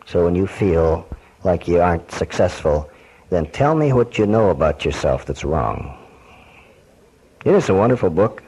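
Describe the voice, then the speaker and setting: A man's voice: low-pitched, lively intonation, normal speed, dark tone, husky, low-quality recording. A man preaching a sermon, quoting scripture and questioning his listeners.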